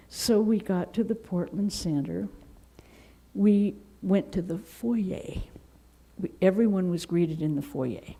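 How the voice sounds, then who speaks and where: A woman from Seattle who is a nun, telling lively anecdotes in an interview and acting out quotes. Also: on the low side, slow, slightly rough, rough recording. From Seattle, United States. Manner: animated, with laughter and acted-out quotes. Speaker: Vedanta nun.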